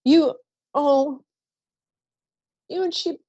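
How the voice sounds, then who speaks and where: A woman's voice: sits high, drawn-out words, mellow, no room sound, highs cut off. A woman hosting a live call-in psychic reading show, chatty and rambling, often trailing off mid-sentence. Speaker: psychic radio host.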